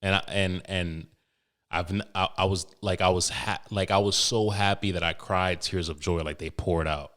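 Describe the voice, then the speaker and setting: Brief: young male podcast host, low voice, profane, emotional, rambling with restarts. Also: steady tone, normal speed, fairly bright tone. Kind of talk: casual podcast monologue.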